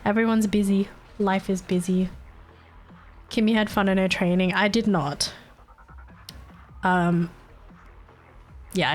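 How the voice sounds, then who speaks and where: Young woman ranting on stream, swears a lot, average pitch, talks casual with chat. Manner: animated venting, swears freely.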